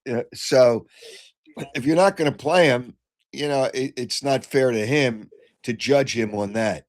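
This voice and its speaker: An older man hosting a call-in sports radio show, blunt and opinionated, clearing his throat as he gets over a cold. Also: medium pitch, measured pace. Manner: blunt, opinionated, flares into shouting. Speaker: sports talk radio host.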